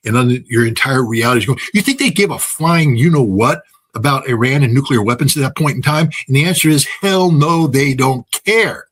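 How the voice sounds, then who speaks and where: A man's voice: mid-range voice, a bit bright, husky. A man speaking as a guest political commentator. He talks off the cuff in an emphatic, folksy way, repeating phrases for effect and using plenty of filler words. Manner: folksy, uses everyday examples and laughs at his own points.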